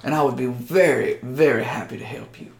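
Man as a slow, grandfatherly old druid, gravelly, roomy sound. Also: medium pitch, background noise, close to an everyday voice. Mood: earnest. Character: old male nature druid, gentle and proud.

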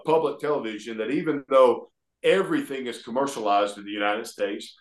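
A middle-aged man with an Alabama Southern accent, a guest telling stories in a folksy, animated way. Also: mid-range voice. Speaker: guest, former pro wrestler. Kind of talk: casual storytelling interview. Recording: echoey room.

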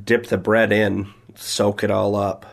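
A man's voice: lowish voice, level tone, slow pace, creaky. A man playing a tabletop game, stating his character's actions in a dry, matter-of-fact way. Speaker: player.

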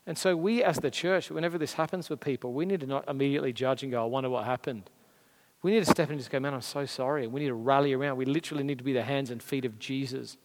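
An Australian man preaching a sermon as a pastor, earnest and conversational, with emphatic rises. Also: mid-range voice. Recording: long reverb of a large hall.

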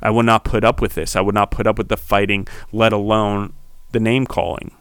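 A man's voice: lowish voice, little pitch movement, a little fast, clean tone, no echo, clean studio sound. Fired-up man preaching on a podcast. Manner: heated, preachy, swears, builds to shouting. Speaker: podcast host. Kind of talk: impassioned solo podcast monologue.

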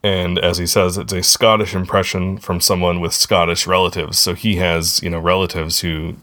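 A man's voice: sits low, little pitch movement, moderate pace, bright, forceful tone. A man co-hosting a podcast in casual chat, rambling and correcting himself as he goes in a friendly way. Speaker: podcast co-host.

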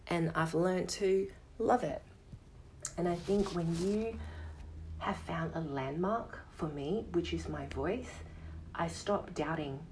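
A male yoga teacher hosting his own podcast, giving an earnest motivational monologue in a high, soft, soothing voice and repeating phrases for emphasis. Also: takes it slowly, recorded from a distance, slight background noise, rough recording. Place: casual home podcast setup.

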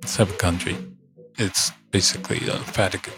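A man's voice: deep voice, fairly even intonation, fairly quick, over music. A man talking casually to himself in a vlog, thinking aloud, trailing off and restarting with lots of fillers.

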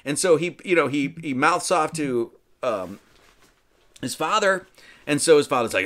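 A man's voice: fairly high pitch, expressive, measured pace, long pauses, fairly bright tone. A man hosting a casual film commentary, rambling, tagging lines with right? and acting out characters' lines. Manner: rambling, keeps asking right?. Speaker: host.

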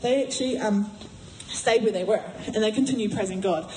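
A woman giving a sermon in a chatty, animated way, acting out voices as she retells a story. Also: mid-range voice, brisk, a little hiss or hum. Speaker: preacher. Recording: echoey room.

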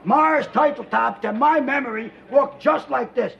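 An actor playing a loud, cranky old man in disguise who complains and shouts in a film comedy. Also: extremely high pitch, normal speed, gravelly, heavily acted. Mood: complaining. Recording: dull film audio with faint noise.

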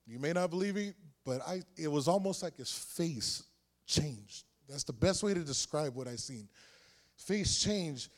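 Animated preacher man telling a story. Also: high voice. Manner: animated storytelling, laughs often. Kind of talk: sermon with personal story.

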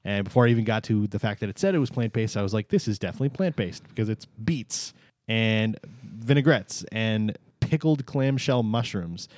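A man's voice: on the low side, normal speed, darkish tone, no room sound. A man co-hosting a casual food preview chat, playful and teasing as he reads out menu items. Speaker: co-host.

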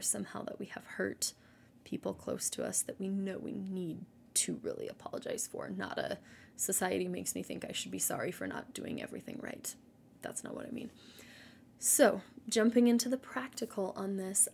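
A woman in her thirties hosting a solo parenting podcast, earnest and practical, often dropping into a breathy near-whisper. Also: mid-range voice, a little mellow, a little hiss or hum. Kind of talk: casual solo podcast talk.

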